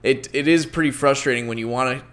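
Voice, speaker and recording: A young man co-hosting a casual podcast chat, relaxed and agreeable, laughing often. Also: mid-range voice, quick pace. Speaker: podcast co-host.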